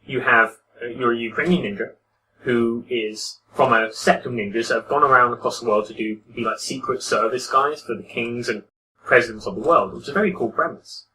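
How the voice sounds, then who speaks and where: Bright-voiced man reviewing a game. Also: medium pitch, brisk, far from the mic, a little hiss or hum, poor audio. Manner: critical, conversational, with frequent restarts. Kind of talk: casual commentary over gameplay.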